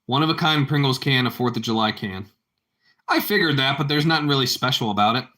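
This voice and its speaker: A man's voice: medium pitch, animated, fast, pushed and bright. A man chatting casually with his livestream viewers, rambling and repeating himself, and calling them bro. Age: adult parent. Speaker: livestream host.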